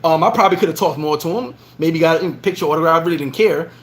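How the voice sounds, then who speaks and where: A man with a fairly high voice talks fast as he hosts a casual livestream vlog from a bar in the Dominican Republic. He tells his stories with animation, acting out the lines he quotes.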